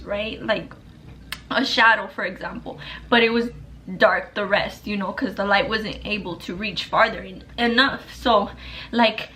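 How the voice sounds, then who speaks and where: Young female vlogger with a slightly high voice, telling a story in a loose, profane, filler-heavy way. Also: pushed and bright, a little hiss or hum. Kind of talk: casual storytelling to camera.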